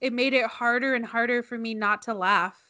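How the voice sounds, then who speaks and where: A young woman co-hosts a podcast in casual, rambling chat. Her voice sits fairly high and sounds bright and forward. She laughs often and restarts her sentences. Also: moderate pace. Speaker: podcast co-host.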